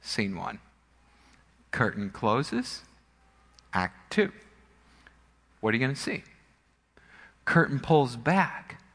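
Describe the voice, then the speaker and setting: A man preaching a sermon as pastor, an animated storyteller who acts out scenes. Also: mid-range voice, slow, pauses often, breathy edge. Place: church sanctuary. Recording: long church hall reverb.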